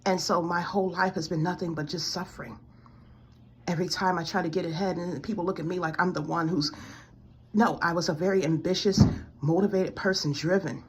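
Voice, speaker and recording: A woman's voice: on the low side, fairly even intonation, a little fast, slight background noise. A woman in her forties giving a pleading, tearful spiritual testimony to camera, close to tears and repeating her complaints. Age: 40s. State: near tears.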